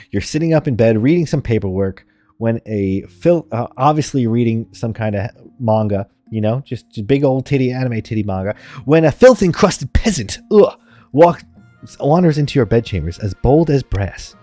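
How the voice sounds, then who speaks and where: A man's voice: medium pitch, animated, moderate pace, mellow, no room sound, soft background music. A man streaming a strategy game live, chatting rambly with viewers and laughing often.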